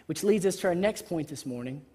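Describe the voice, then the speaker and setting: A woman preacher giving a sermon in a church, animated and conversational, with jokes. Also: lowish voice, fairly quick, slightly rough. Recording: reverberant hall.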